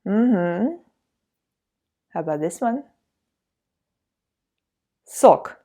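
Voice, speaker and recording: A woman's voice: mid-range voice, animated, dark tone. A woman from Russia with a Russian accent, teaching a language lesson in a patient, encouraging way. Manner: patient, encouraging, reads words slowly for repetition.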